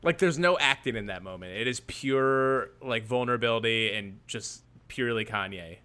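A man's voice: medium pitch, moderate pace, sharp tone, clean tone. A man co-hosting a casual podcast chat, enthusiastically retelling a scene with chuckles. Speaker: podcast co-host.

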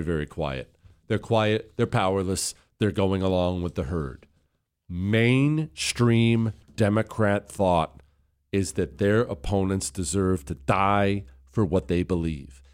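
A man's voice: fairly low pitch, darkish tone. A man hosting a talk radio show at a studio microphone, speaking in an indignant, emphatic and sarcastic way. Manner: indignant, emphatic, sarcastic, reads quotes in a raised voice. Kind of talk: opinion talk radio monologue.

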